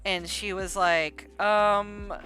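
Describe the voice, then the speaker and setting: Unhurried and medium-pitched, with a pushed, bright sound, a woman runs an art livestream with soft music in the background. She casually recounts online drama as gossip, rambling with lots of "like" and "um."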